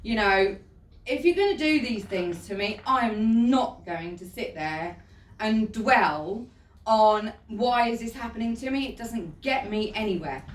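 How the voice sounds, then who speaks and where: A woman tells a personal story to an audience in a chatty, warm way, laughing often. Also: fairly high pitch, expressive, measured pace. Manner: chatty, laughing often, says "you know" a lot. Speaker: speaker giving a talk. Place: event hall. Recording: roomy hall, voice from far off.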